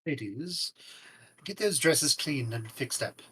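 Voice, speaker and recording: A man's voice: mid-range voice, lively intonation, slow pace, pushed and bright, breathy edge. A man playing a character in a tabletop role-playing game, bossy in character and jokey out of it. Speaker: player.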